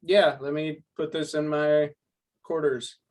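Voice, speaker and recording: A man at a tabletop game speaks as his own character. His voice sits a little high, and his replies come dry and clipped. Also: level tone, takes it slowly, low-quality recording. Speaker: player.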